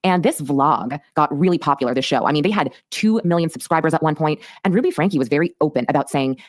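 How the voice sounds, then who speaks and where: A woman hosts a true crime recap podcast, talking quickly and emphatically. Her voice sits low but swings widely in pitch. The sound is dry and close. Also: expressive, dry recording. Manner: fast, emphatic storytelling. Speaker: podcast host.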